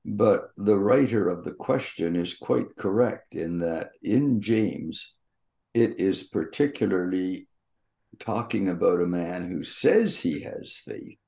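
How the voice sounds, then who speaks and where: An older man on a Bible podcast, slowly teaching and reading scripture aloud in a measured way. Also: low voice, expressive, gravelly, darkish tone.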